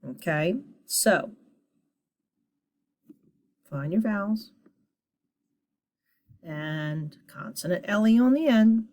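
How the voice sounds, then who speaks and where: Slow, patient woman teaching phonics. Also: mid-range voice, animated, a little mellow. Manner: patient, encouraging, sounds words out slowly. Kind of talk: phonics lesson for children.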